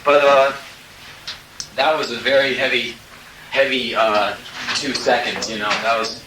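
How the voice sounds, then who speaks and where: A young man performing live spoken word, telling stories in an intense, profane, animated way with sudden loud bursts. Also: mid-range voice, a little slow. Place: live venue with audience. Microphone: distant audience recorder. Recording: echoey hall, distant audience cassette with hiss. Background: audience laughter and tape noise.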